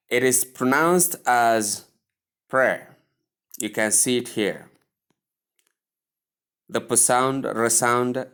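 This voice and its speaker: A man with a Nigerian English accent teaching English pronunciation, repeating each word slowly and deliberately. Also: medium pitch, a bit bright. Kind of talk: slow instructional lesson.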